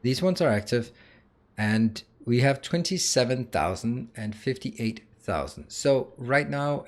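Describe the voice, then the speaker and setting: A man giving casual gameplay commentary, thinking aloud with fillers and restarts as he walks through changes. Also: fairly low pitch. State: has the hiccups. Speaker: gaming YouTuber.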